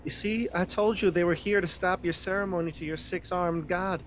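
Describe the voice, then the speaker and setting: A smooth-talking male vampire schemer, played by a man at the table, pressing hard and wheedling. His pitch sits mid-range, much like an ordinary conversational voice in a casual tabletop session. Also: lively intonation, moderate pace, slight background noise, close to an everyday voice. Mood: persuasive. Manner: wheedling, pushy persuasion.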